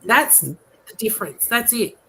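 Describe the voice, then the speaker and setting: Chatty high-voiced Australian woman. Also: animated, measured pace, a bit bright, slight background noise, low-quality recording. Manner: chatty, searches for words, laughs at the differences. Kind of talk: casual chat.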